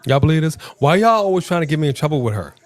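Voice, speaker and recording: A man's voice: a little high, rapid-fire, no room sound. A man co-hosting a live stream, chatting casually and playfully reading out viewer comments. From Southern California. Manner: energetic, playful, reads chat aloud.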